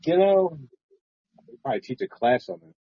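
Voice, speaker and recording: A man co-hosting a casual book chat podcast, joking and rambling with big swings in pitch. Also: animated, normal speed, dark tone, husky, no room sound. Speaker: podcast co-host. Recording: dull lo-fi home podcast audio.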